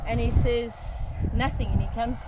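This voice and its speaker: A South African woman speaks in a halting, restarting way, full of fillers. She is recorded outdoors in open land. Loud wind and outdoor noise sit under her voice. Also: a little high, fairly even intonation. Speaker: interviewee. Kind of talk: recounting an assault outdoors.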